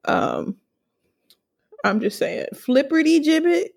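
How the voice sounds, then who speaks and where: A woman's voice: high-pitched, wildly swooping pitch, slow, vocal fry, a little mellow. A woman co-hosting a podcast in casual chat, teasing the others, laughing often and swearing now and then. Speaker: podcast co-host.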